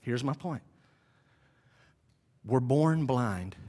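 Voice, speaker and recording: A male pastor preaching a sermon to a congregation, reading scripture slowly and with emphasis. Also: mid-range voice, expressive, darkish tone. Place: church before a live congregation.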